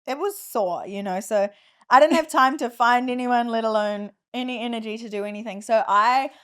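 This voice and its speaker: A young Australian woman with a slightly high voice talks frankly and casually as a podcast guest. She laughs easily and fills her sentences with "like" and "um". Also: moderate pace, a bit bright, clean tone. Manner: frank and laughing, many fillers. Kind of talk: casual chat.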